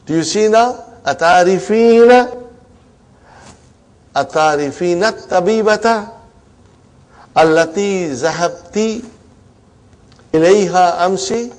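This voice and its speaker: Drilling students through Arabic grammar, a man teaching in English keeps asking repeated questions and giving quick prompts, sprinkled with Arabic and Islamic phrases. His voice is fairly high and a little mellow.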